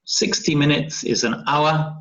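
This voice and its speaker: Speaking a little slowly in a slightly bright, higher-leaning voice, this male English teacher patiently walks through phonetics over a video call. He keeps asking "yeah?" to confirm understanding, and the audio is dull and lo-fi.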